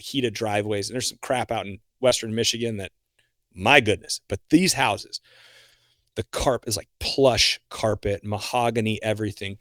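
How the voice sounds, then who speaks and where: A young man, a guest on a podcast, telling a story in a casual, animated way. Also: fairly low pitch, dry recording, clean studio sound. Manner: animated, acts out his own reactions.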